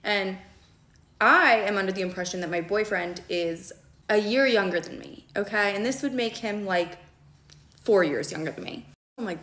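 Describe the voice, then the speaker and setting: A woman's voice: mid-range voice, pushed and bright. Candid young woman telling a storytime. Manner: candid and quick, with frequent "okay?" check-ins and swearing. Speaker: storyteller vlogger. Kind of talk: casual storytime monologue. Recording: roomy echo.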